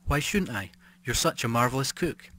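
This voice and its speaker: A man's voice: medium pitch, lively intonation, moderate pace, a bit bright, natural voice. A man reading the part of a nervous, frightened unfaithful husband in an audiobook. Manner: uneasy, frightened.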